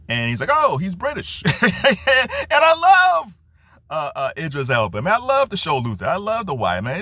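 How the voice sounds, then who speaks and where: A man's voice: on the high side, no echo. A young man talking through his opinions in casual commentary, laughing often and restarting his sentences. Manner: animated, laughs often, repeats words and restarts. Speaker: commentary channel host.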